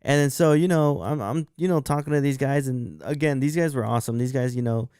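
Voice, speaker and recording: Man, podcast co-host, casual rambling story, crisp voice, dry close mic. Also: medium pitch, brisk, darkish tone, dry recording. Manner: rambling, profane, acts out quotes.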